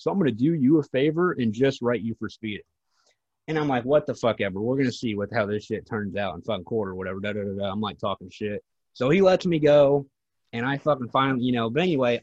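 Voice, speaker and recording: A man's voice: fairly low pitch, no echo, highs cut off. Profane rambling man telling a story. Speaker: podcast co-host. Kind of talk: casual storytelling.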